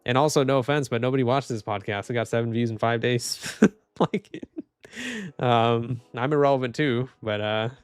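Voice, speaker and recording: A man's voice: medium pitch, normal speed, smooth, dry recording. A young man streaming live, making casual commentary as he reads posts and keeps laughing and saying "dude". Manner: laughing, mocking, says dude a lot.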